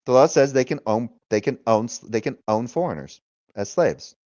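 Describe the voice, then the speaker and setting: A man's voice: mid-range voice, moderate pace, darkish tone, no room sound, lo-fi sound. A man hosting a casual livestream, talking loosely, swearing freely and laughing often. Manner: retells arguments in quoted voices. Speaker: livestream host.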